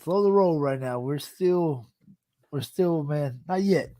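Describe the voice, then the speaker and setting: This podcast co-host is a middle-aged man whose voice is a little high and warm, captured in a dry, studio-quality recording. The talk is casual chat, drawn out and punctuated by frequent laughter and swearing.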